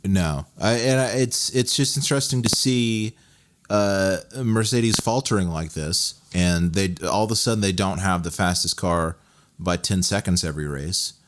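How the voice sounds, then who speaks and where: A man's voice: deep voice, moderate pace, slight background noise. A young man from Texas co-hosting a casual podcast, rambling and laughing with lots of fillers. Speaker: podcast co-host. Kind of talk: casual chat.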